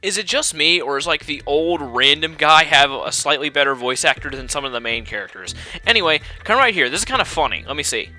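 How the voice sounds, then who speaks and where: A man's voice: a little high, expressive, a little fast. A man giving casual, rambling commentary over a video game, slightly out of breath. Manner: chatty, rambling, with fillers and asides. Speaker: let's play narrator.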